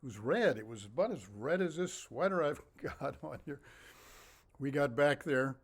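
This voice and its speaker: A man telling a story from his own childhood in a casual way, lively and animated, often laughing as he talks. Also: fairly high pitch, normal speed, breathy edge. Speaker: storyteller and author.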